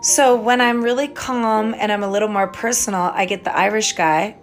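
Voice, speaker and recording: A woman's voice: mid-range voice, fairly even intonation, normal speed, soft background music. An American woman hosting a podcast, rambling in a casual monologue, spelling words out, swearing and trailing off mid-thought. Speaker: podcast host.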